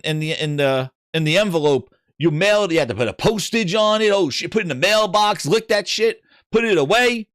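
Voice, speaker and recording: A man hosting a gaming show, telling a story in casual livestream chat, animated and swearing. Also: sits high, dry recording, studio quality. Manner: animated, swearing, acts out voices in anecdotes.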